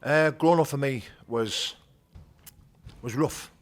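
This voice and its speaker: A man with a Teesside accent telling his rough childhood story as an interview guest, blunt and animated, swearing freely. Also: mid-range voice, slow pace. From North East England. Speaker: guest, bare knuckle fighter. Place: gym.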